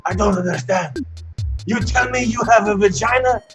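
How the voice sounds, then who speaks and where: A man's voice: high voice, normal speed, a bit bright, faint music behind. A man voicing a stern, confused father who stammers in disbelief. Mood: baffled.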